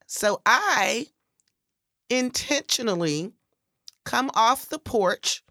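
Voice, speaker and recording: Animated woman telling a story. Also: takes it slowly, creaky, long pauses, dry recording, clean studio sound. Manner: acts out quoted voices with big pitch jumps. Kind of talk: casual chat, animated storytelling.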